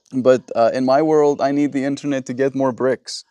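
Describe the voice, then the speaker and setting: A man of middle pitch talks casually to his livestream audience, rambling and exasperated as he vents. His voice sits in a dry space with almost no room sound. It has the loose, unscripted feel of talking into a phone. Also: fairly even intonation, fairly quick, a little mellow, dry recording. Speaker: livestream host. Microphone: phone in vertical livestream.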